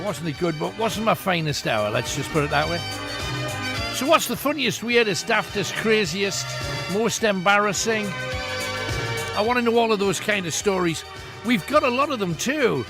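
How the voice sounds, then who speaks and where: A man's voice: high voice, expressive, normal speed, over music. A man hosting a late-night radio phone-in, chatting, joking and coaxing callers.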